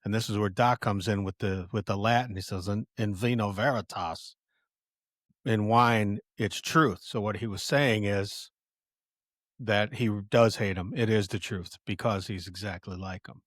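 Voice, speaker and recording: A male podcast host casually retelling a film scene in a halting, self-correcting way, with lots of fillers. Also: on the low side, steady tone, no room sound, clean studio sound. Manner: chatty and conversational.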